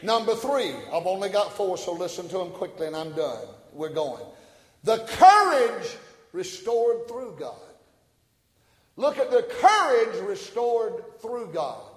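A man preaching a sermon, folksy and joking, swinging from quiet asides to shouted peaks. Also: sits high, big pitch swings, moderate pace, hardly any pauses. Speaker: pastor. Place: church sanctuary. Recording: echoey hall, church room.

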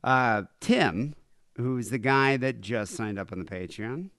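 A man's voice: medium pitch, lively intonation, slow pace, a bit bright, smooth, dry recording, studio quality. A man co-hosting a podcast, chatting casually in a rambling, crude, joking way. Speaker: podcast co-host. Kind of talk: casual chat.

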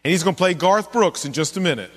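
A man's voice: sits high, expressive, fast talker, in a large hall. A man preaching a sermon in a conversational way, asking his listeners questions as he goes. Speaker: pastor.

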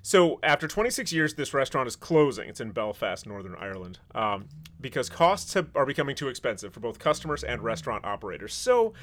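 A man's voice: medium pitch, sing-song, quick pace, fairly bright tone. A man who is a chef, hosting a casual podcast chat with a wry, sarcastic, rambling manner.

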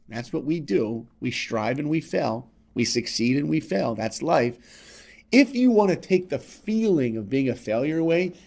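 A man on a podcast telling a motivational life story, speaking straight to listeners and swinging between loud emphasis and quiet asides. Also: medium pitch. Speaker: podcast guest.

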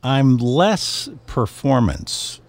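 Gravelly older voice-over producer. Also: male voice, mid-range voice, animated, extremely slow. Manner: rambling, hesitant with fillers. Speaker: voice talent and producer. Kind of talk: casual chat.

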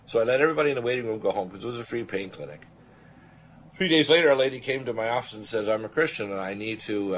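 A man in his sixties, a physician and radio host, telling a personal story in an animated, rambling way, often clearing his throat. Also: fairly low pitch, slight background noise, low-quality recording. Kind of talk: storytelling on a talk radio show.

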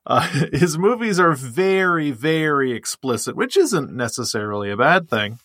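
A man's voice: a little high, big pitch swings, normal speed, fairly bright tone, no room sound, clean studio sound. A man co-hosting a podcast, talking films in a wry, sarcastic manner. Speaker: podcast co-host. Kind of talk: casual film discussion.

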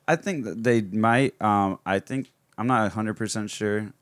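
A man's voice: on the low side, measured pace, no echo. A man on a podcast as a guest, telling rambling stories in casual chat and swearing a lot. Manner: rambling storytelling with lots of swearing.

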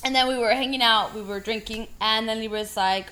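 A woman's voice: on the high side, a little fast, slight background noise. A woman co-hosting a podcast, telling a funny story in casual chat and laughing as she talks. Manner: animated, laughs through the story. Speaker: podcast co-host.

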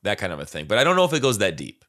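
A man with a low voice and a bright, forceful edge talks through song lyrics in a relaxed, conversational way. He reads lines aloud, then works out their meaning with frequent fillers and restarts. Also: racing. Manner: thoughtful, reads lyrics aloud and unpacks them with many fillers. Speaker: podcast co-host discussing song lyrics. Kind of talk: casual conversational analysis.

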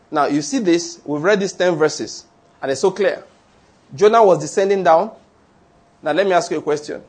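A man preaching a sermon, chatting with his congregation, putting questions to them and reading scripture slowly and deliberately. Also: fairly high pitch, breathy edge. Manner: conversational, asks the congregation questions.

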